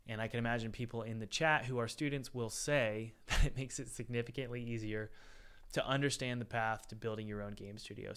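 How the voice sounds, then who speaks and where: A man's voice: mid-range voice, a bit bright, clear, resonant tone. A man hosting a live-stream Q&A, chatty and upbeat, calling his viewers guys. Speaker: game dev course host answering live chat.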